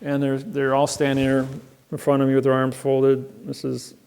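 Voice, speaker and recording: A man giving a seminar lecture, telling courtroom stories and acting out the exchanges with a raised voice, self-assured with halting restarts. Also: medium pitch, completely flat delivery, a little mellow, clear, resonant tone. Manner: storytelling, acts out quoted exchanges with raised voice.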